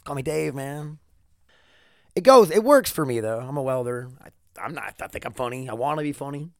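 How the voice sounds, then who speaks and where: A man's voice: medium pitch, animated, fairly quick, a little mellow, dry recording, clean studio sound. Rambling, profane man hosting a podcast. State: in pain after neck surgery, wearing a neck brace. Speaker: podcast host. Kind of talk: casual solo podcast chat.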